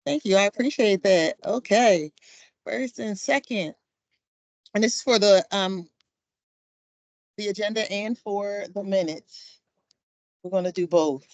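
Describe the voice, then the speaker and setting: A woman's voice: mid-range voice, a little slow, long pauses, a little mellow, no room sound. A woman chairing a commission meeting, calling roll in an informal, upbeat way with plenty of fillers. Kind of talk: running a meeting roll call.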